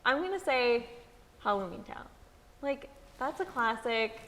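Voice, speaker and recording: A woman's voice: on the high side, lively intonation, measured pace, a bit bright. Hesitant woman in an echoey room. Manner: hesitant, says "like" often. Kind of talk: casual chat.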